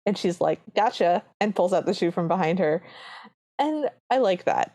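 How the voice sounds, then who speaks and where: A woman's voice: fairly low pitch, normal speed. A woman co-hosting a podcast, gushing as she retells a film scene by scene in casual chat. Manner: gushing, animated storyteller. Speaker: podcast co-host.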